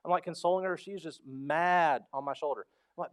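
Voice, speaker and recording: A man in his thirties preaching a sermon in a church, passionate and conversational, rising to loud pleas and dropping to soft, quiet lines. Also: on the high side, a little fast, hardly any pauses. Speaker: pastor. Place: church sanctuary.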